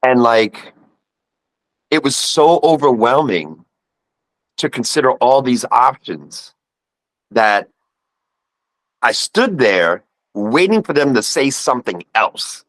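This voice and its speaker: Lively New York man telling a story. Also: mid-range voice, takes it slowly, long pauses, no room sound, poor audio. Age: 50s. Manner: animated storytelling, acts out quoted voices. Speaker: guest. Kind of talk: casual conversation.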